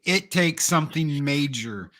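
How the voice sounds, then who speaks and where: A man's voice: fairly high pitch, lively intonation, a little slow, fairly bright tone. A man co-hosting a casual chat, speaking plainly about his own schedule. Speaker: co-host of a morning show.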